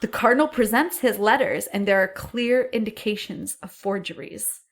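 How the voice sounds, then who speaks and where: A woman co-hosting a podcast, telling a history story in a casual, animated way, acting out quotes and swearing now and then. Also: mid-range voice, moderate pace. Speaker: podcast co-host.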